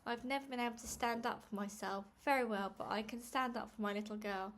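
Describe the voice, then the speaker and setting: A woman's voice: a little high, fairly even intonation, a little fast, a bit bright, slight background noise, natural voice. A woman reading aloud and voicing a timid young mother who speaks shakily and hesitantly through tears. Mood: pleading. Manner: shaky and hesitant.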